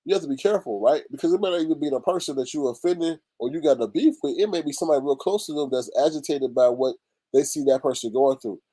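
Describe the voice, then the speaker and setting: A man hosting a casual commentary show, talking in a loose, animated, slangy way. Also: a little high, fast talker, breathy edge.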